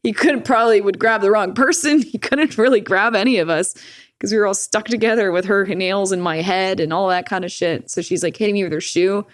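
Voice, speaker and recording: A woman's voice: medium pitch, brisk, no echo, clean studio sound. A young woman telling a personal story in casual interview talk, candid and swearing often, with lots of "like". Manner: candid, profane, animated retelling with frequent "like". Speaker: podcast guest.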